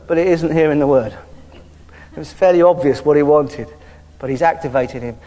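A man preaching a conversational sermon, lively and informal, punctuated with hallelujahs. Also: fairly high pitch, fairly quick. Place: church hall. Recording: hall reverb.

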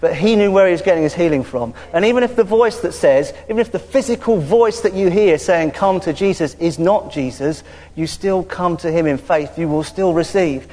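A man preaching a conversational sermon, lively and informal, punctuated with hallelujahs. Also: high-pitched, moderate pace. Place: church hall. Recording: hall reverb.

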